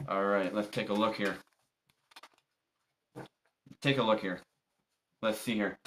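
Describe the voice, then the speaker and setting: A man's voice: lowish voice, steady tone, takes it slowly, fairly bright tone, a little hiss or hum. A man hosting a tarot livestream, chatting casually with viewers and repeating firm, polite instructions to his chat. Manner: polite but strict.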